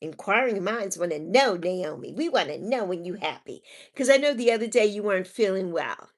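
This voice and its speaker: A woman's voice: medium pitch, expressive, normal speed. A woman hosting a live stream, chatting casually as she reads viewer comments, affectionate and sympathetic, calling people endearing names and repeating her kind wishes. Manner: sympathetic, repeats herself softly.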